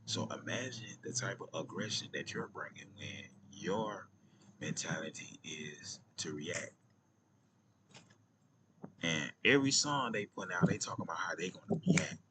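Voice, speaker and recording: Brief: deep Atlanta man vlogging, loose slang, slips into near-whispers, noise behind him. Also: expressive, measured pace. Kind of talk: casual storytelling vlog.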